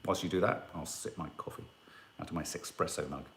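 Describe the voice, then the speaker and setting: There's slight background noise as a man with a low, creaky voice hosts a casual live stream at a fairly quick pace. He rambles chattily through viewer comments, often restarting and tossing in asides.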